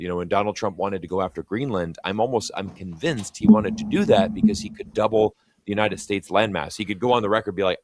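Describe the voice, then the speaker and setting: A man's voice: fairly low pitch, a little hiss or hum. A Canadian man with a Canadian accent co-hosting a live talk show, rambling and opinionated with lots of fillers. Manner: rambling, many "you know" fillers, opinionated. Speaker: co-host of a live talk stream. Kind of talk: casual political chat.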